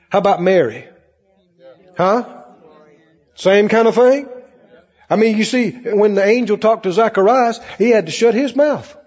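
A man's voice: sits high, a little slow, pauses often, darkish tone, husky, in a large hall, dull audio. A male pastor preaching a sermon in a church, acting out the voices of Bible figures as he goes.

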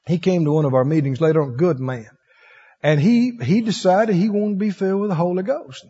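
A man's voice: high-pitched, a little fast, husky. A man preaching a sermon, telling stories animatedly and acting out the voices in them. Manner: animated storytelling, acts out voices, laughs often. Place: church. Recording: dull echoey church hall recording.

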